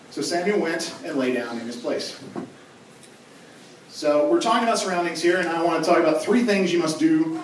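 Young youth pastor preaching in an echoey hall. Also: male voice, on the high side, moderate pace, recorded from a distance, background noise. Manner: casual, joking, conversational preaching. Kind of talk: sermon. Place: large church hall.

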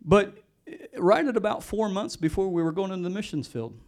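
A middle-aged male pastor preaching a sermon in an earnest, animated way, often repeating and restarting his words. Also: high voice, fairly quick.

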